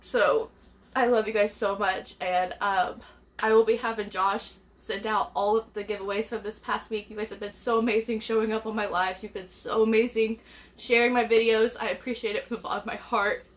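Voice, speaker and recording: A woman's voice: mid-range voice, flat delivery, fairly quick. A young woman vlogging to her followers about her pregnancy, emotional and rambling, with many restarts and laughs. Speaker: beauty vlogger. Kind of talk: casual vlog to followers.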